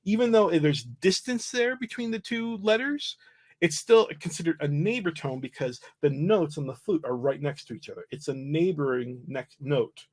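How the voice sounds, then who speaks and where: A man explaining flute technique in a relaxed livestream lesson, often restarting and filling pauses. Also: a little high. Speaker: flute teacher.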